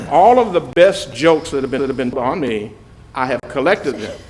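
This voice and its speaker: Slow-talking older man. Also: mid-range voice, big pitch swings, a little hiss or hum, poor audio. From Mobile, Alabama. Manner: slow, warm storytelling with joking asides. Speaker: retired news anchor. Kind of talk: heartfelt speech.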